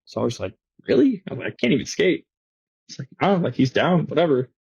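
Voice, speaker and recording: A man's voice: medium pitch, animated, fast, vocal fry, darkish tone, husky, dry recording, lo-fi sound. A young man in his twenties, a guest skateboarder telling stories in casual, slangy, swearing chat in a podcast studio. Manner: slangy, swearing, laughing storyteller.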